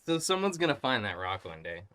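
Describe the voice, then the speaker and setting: A man's voice: mid-range voice, sing-song, fairly quick, pushed and bright. A man telling crude, funny stories about his kids in a casual podcast chat, laughing often and cursing freely. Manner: profane, laughing storyteller. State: smoking cannabis. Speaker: podcast co-host.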